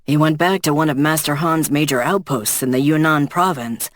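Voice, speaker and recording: An audiobook narrator voicing a male tracker who reports news in a brisk, serious way. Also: mid-range voice, no echo, clean studio sound, close to an everyday voice.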